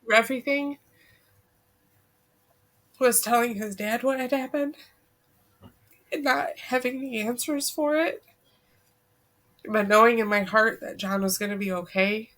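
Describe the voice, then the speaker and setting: A woman guest on a podcast, earnestly recounting a personal story and quoting the people in it, her voice dropping soft at the hard parts. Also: on the high side, unhurried, long pauses. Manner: earnest, relives events by quoting dialogue; emotional, voice drops soft at hard moments. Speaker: guest, co-author.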